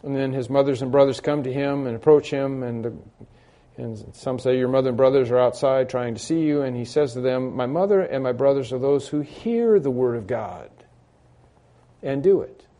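A man's voice: medium pitch, normal speed, dark tone. A man preaching an expository sermon in a conversational way, repeating key phrases for emphasis and poking fun at himself. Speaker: pastor.

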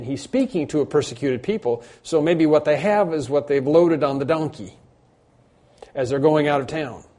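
Mellow-voiced man preaching a sermon. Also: a little high. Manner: earnest, repeats phrases for emphasis. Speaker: pastor.

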